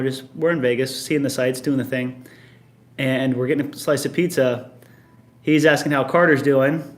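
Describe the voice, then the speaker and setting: Easygoing man in his early thirties. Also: medium pitch. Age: early 30s. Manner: rambling, easygoing, reads out viewer comments. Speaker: band member hosting a live chat. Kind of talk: casual live-stream Q&A. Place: at home in an apartment.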